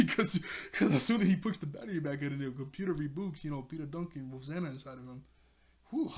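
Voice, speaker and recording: A man's voice: fairly high pitch, lively intonation, fairly quick. A man casually recapping a cartoon episode, rambling and laughing as he often corrects himself. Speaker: show reviewer.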